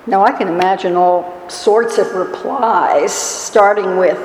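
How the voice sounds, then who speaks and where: A woman's voice: medium pitch, slow pace, few pauses, darkish tone, a little hiss or hum. A woman preaching a sermon in a church, telling the story with wry humor and mock-whining quotes. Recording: echoey hall with long reverb.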